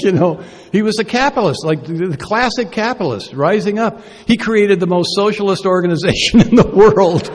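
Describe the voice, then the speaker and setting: A man giving a personal recovery talk from a podium, conversational and self-deprecating, asking the audience rhetorical questions. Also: high-pitched. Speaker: recovery meeting speaker. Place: conference hall. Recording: reverberant hall.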